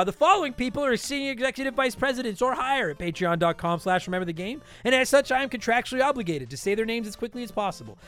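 High-voiced irreverent male podcast host. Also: fairly bright tone, smooth. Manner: irreverent, swears casually; rattles off long lists of names quickly. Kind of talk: casual podcast sign-off.

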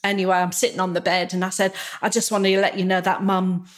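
A woman's voice: fairly low pitch, quick pace. A woman, the guest, candidly telling her own story in an interview and acting out the voices of people in it. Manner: candid, animated, acts out quoted dialogue.

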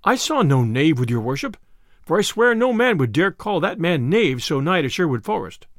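A man's voice: on the high side, big pitch swings, normal speed, no echo, clean studio sound. A man voicing a greedy, wily male innkeeper who fawns and then stubbornly demands payment, in old-fashioned speech. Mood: soothing.

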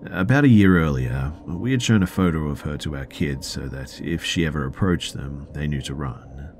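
A man narrating a first-person story in a measured, matter-of-fact way. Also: very deep voice, darkish tone, faint music behind.

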